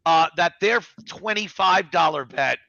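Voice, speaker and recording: A man's voice: high voice, unhurried, creaky, sharp tone, no room sound, highs cut off. A man in casual livestream banter, joking and swearing freely. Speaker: comedian panelist.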